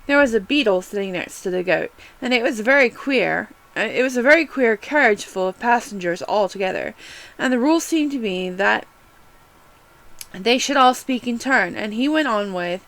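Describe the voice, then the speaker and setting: A woman reading a classic storybook aloud, expressive, with small restarts now and then. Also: a little high, moderate pace, low-quality recording. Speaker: reader.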